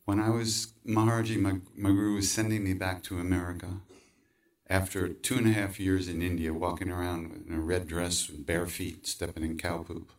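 Lively storytelling man, a bit off-mic. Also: low voice, moderate pace, distant mic. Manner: animated, acts out quoted voices, laughs often. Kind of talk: storytelling in conversation. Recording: voice from away from the mic.

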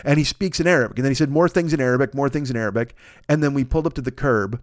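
A man rattling off a comedic story fast. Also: medium pitch, dry recording, clean studio sound. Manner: rapid, animated anecdote with acted quotes; casual, crude slang. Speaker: podcast host.

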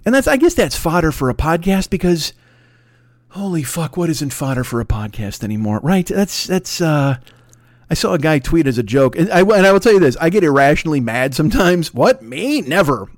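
A man with a fairly high voice rants on his podcast, swearing freely and wandering from one tangent to the next. His tone is sarcastic and loose. He is close on the microphone in a dry, dead room. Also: big pitch swings, a little fast, dry recording. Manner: profane, sarcastic, rambling. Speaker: podcast host. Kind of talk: casual comedic rant.

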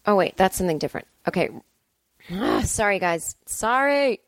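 A woman host rants bluntly through a casual comedic podcast monologue at home, swearing freely as she reacts to listener emails. Her voice sits at an ordinary middle pitch. The sound is dry and close, with no room echo. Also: expressive, normal speed.

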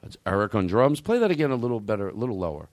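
Rambling, profane comedy host, lively voice. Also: male voice, fairly low pitch, rapid-fire, over loud music. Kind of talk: comedy talk show banter.

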